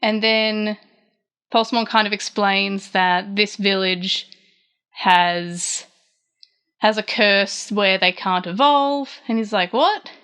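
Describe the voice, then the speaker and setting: This Australian woman hosts a casual podcast recapping a manga chapter, chatting her way through the scenes and raising her voice for quoted lines. Her medium-pitched voice is slow, a bit bright, and clean. She talks in a chatty way, full of fillers and restarts.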